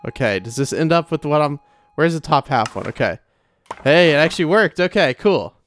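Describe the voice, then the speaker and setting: A man's voice: on the high side, animated, moderate pace, a little hiss or hum. A young man casually commenting while playing a game, chatty and rambling with lots of fillers and restarts. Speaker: let's play host. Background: soft game music.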